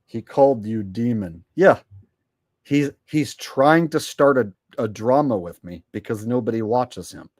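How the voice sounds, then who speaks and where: A man's voice: medium pitch, lively intonation, measured pace, darkish tone, no room sound, clean studio sound. A man hosting a live stream, ranting bluntly and casually with plenty of swearing. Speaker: streamer host.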